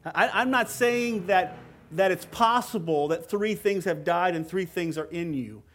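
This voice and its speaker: A male pastor with a fairly high voice delivering a sermon. He talks to the congregation in a relaxed, conversational way, then leans hard on key words and repeats phrases for emphasis. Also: measured pace, slight background noise.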